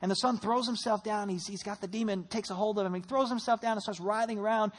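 Husky woman preaching an animated sermon. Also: mid-range voice, fast talker. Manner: animated storytelling with rhetorical questions.

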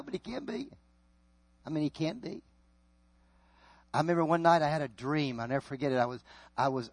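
A man preaching a sermon, telling stories that swing from loud, emphatic peaks to hushed asides. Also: a little high, no echo. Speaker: pastor.

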